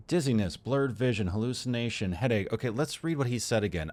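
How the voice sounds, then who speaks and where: Slightly fast with few pauses, this man's mid-range, somewhat mellow voice carries his running commentary on a medical game. He thinks out loud, reads symptoms from the screen, and jokes with the characters.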